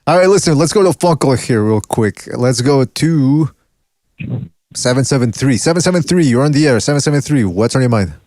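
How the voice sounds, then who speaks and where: A man's voice: mid-range voice, animated, a little fast, darkish tone, no room sound, studio quality. A man hosting a casual boxing call-in show, joking around and laughing often while he takes callers. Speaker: podcast host taking calls.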